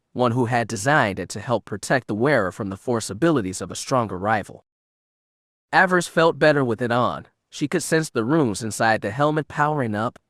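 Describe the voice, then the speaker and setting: Guy reading a sci-fi audiobook, steady measured delivery, dry close mic, mid pitch. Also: no room sound. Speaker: audiobook narrator. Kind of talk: unabridged audiobook narration.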